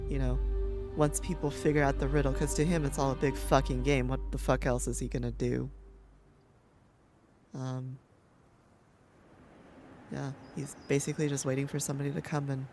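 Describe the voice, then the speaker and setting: A gaming creator giving casual gameplay commentary, chatty and rambling, who swears freely and laughs often. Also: medium pitch. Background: game music.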